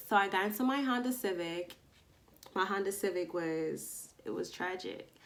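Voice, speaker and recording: A woman from Long Island, casually telling a storytime vlog to camera at home, slangy and animated, acting out bits of dialogue. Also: medium pitch, moderate pace. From Long Island, New York. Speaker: vlogger. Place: indoors at home, daytime.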